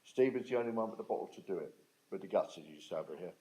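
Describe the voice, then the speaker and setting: A man's voice: deep voice, expressive, very fast, dark tone, low-quality recording. An older man, telling his story to an audience in a blunt, plain-spoken, emphatic way. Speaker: speaker at a talk on restorative justice.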